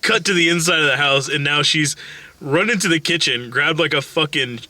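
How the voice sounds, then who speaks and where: A man's voice: fairly high pitch, moderate pace, pushed and bright, no room sound. Profane rambling male film reviewer. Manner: rambling, profane, acts out quotes with many "like"s. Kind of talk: casual chat, retelling a film's plot.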